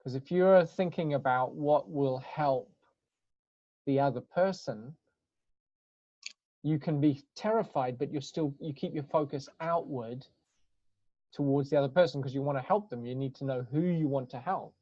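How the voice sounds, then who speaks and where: On a webinar about communication, a man with a medium-pitched, warm voice speaks reflectively at a moderate pace, searching for phrasing and restarting words. His video-call mic gives dull, lo-fi webinar audio in a dry recording.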